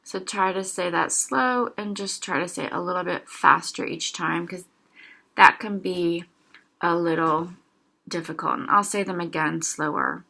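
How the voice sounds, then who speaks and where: A young woman giving a casual language lesson, slowly sounding out single words one at a time for listeners to repeat. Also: fairly low pitch, gravelly, bright, forceful tone. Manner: slow, careful word-by-word pronunciation drills. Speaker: language teacher.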